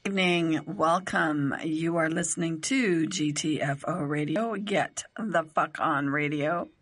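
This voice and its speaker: A woman's voice: low voice, a little slow. A woman hosting a radio show from a studio, talking in a bold, teasing way and swearing casually.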